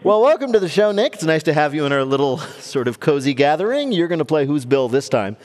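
A man's voice: a little high, big pitch swings, quick pace, a little mellow, big-room sound. A man hosting a comedy news quiz before a live audience, delivering wry quips and punchlines. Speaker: quiz show host.

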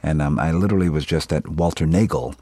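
Deep-voiced animated man from Philadelphia. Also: fast talker, no room sound. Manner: animated storyteller, laughs often, acts out quotes. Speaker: actor, interview guest. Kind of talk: casual interview chat.

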